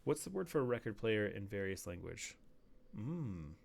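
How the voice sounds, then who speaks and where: Low-voiced man chatting while gaming. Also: sing-song, normal speed, vocal fry, darkish tone. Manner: chatty, rambling, drops to a near whisper while sneaking. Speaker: streamer. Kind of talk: casual gameplay commentary.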